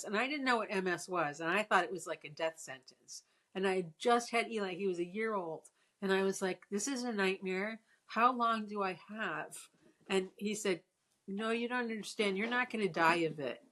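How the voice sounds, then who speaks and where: A woman in her sixties chats casually, telling a long personal story. She restarts her sentences often and speaks at a middle pitch. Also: a bit bright. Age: 60s. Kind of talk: casual chat.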